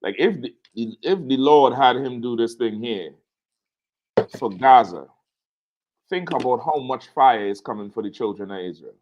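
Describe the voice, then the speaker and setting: Animated man retelling a story. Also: medium pitch, unhurried, lo-fi sound. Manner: animated storytelling, acting out quotes. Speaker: show host. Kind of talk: casual show commentary.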